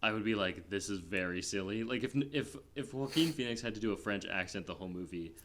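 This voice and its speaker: A man co-hosting a film podcast, talking in a rambling, casual way with many fillers and sudden animated bursts. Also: lowish voice, fast talker, a little hiss or hum. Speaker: podcast co-host. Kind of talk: casual film review chat.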